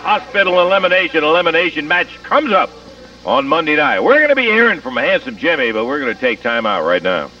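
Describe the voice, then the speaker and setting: A man's voice: on the high side, huge pitch swings, a little fast, gravelly, highs cut off. A man announcing on a television wrestling broadcast, tossing to a break. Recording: distant old TV tape, loud crowd noise.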